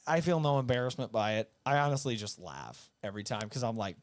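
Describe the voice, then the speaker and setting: A man's voice: mid-range voice, a little fast, hardly any pauses, dry recording. Laid-back storytelling man, swears freely. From upstate New York. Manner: laughs often, swears freely, relaxed. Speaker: guest musician. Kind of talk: casual storytelling.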